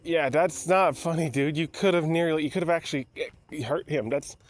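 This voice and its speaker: A man's voice: a little high, normal speed, slight background noise. A man giving a casual, rambling movie review full of restarts and asides.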